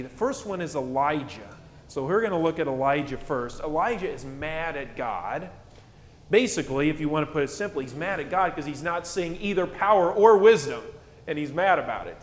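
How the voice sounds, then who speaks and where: Conversational male pastor in an echoey hall. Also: a little high. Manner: conversational, plain-spoken, explains with casual asides. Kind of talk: sermon. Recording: echoey church hall with long reverb.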